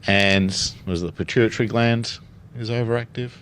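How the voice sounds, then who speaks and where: A young Australian man talking on a discussion panel, his voice sitting very low. He speaks in a candid, plain-spoken way and drops in the odd swear word. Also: normal speed, a bit bright, smooth. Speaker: panelist with lived experience.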